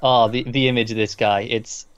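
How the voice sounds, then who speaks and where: A man's voice: mid-range voice, level tone, normal speed, a bit bright, clear, resonant tone, lo-fi sound. A man co-hosting a podcast, casually chatting and chiming in with short, wry remarks. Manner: short wry interjections, agreeing. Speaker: podcast co-host. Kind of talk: casual review chat.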